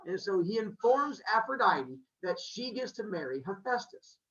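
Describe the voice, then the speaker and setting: A man casually retelling Greek myths in a jokey, animated way, pointing out posters in an indoor room. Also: sits high, moderate pace. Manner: animated, jokey, uses 'like' for quotes. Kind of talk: casual comic myth retelling. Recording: echoey dull room sound.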